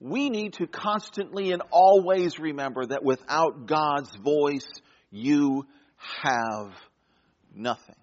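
A man preaching a sermon, telling a story with dramatic pauses and soft drops in his voice. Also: a little high, in a large hall, dull audio. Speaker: pastor.

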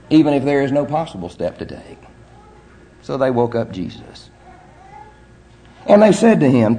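A man preaching a sermon, telling the story in an earnest way with measured pauses. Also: mid-range voice, very animated, warm tone.

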